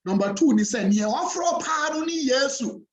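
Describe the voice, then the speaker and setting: Ghanaian pastor, animated sermon delivery, roomy church echo. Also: male voice, very high voice, moderate pace. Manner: preaching in a mix of Twi and English, emphatic repetition. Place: church hall. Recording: echoey church hall.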